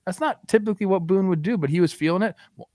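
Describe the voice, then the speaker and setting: A man's voice: sits high, quick pace, dry recording, studio quality. Easygoing chatty male sports co-host. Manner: relaxed, chatty, frequent fillers. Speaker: sports talk show co-host. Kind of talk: casual sports talk.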